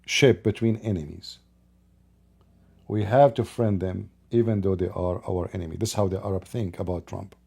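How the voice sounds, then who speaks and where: A man's voice: lowish voice, vocal fry, dark tone, breathy edge. A man delivering an opinionated commentary monologue, emphatic and scornful, firing off rhetorical questions in plain, broken grammar. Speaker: online commentator.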